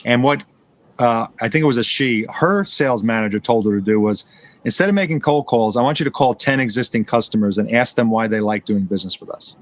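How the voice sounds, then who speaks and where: A man's voice: mid-range voice, brisk. A man hosting a podcast in casual chat, affirming his guest often and talking with many fillers. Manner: affirming, frequent agreement, filler-heavy. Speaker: podcast host.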